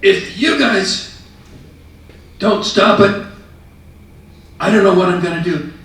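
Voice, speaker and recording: A man voicing a furious short, stout male store owner who shouts threats in an enraged voice. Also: high-pitched, slow pace, pitched above the performer's own voice. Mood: furious shouting. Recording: echoey room, mic far off.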